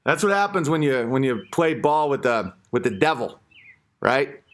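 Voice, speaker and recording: A man's voice: mid-range voice, big pitch swings, moderate pace. A man hosting an online comedy rant, crude and mocking.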